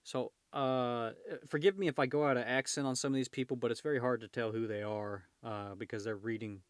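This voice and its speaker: A man's voice: medium pitch, steady tone, fairly quick, clear, resonant tone, no echo, clean studio sound. Chatty man reading comics at home. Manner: chatty, rambling asides with fillers. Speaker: comic read-along host. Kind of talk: casual comic read-along commentary. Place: home room with his cat.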